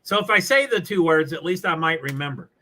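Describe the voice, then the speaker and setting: Bright, chatty New man. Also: on the high side, expressive, a little fast. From New England. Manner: rambling, self-interrupting, chuckling often. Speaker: live streamer. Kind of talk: casual live-stream chatter while watching a race.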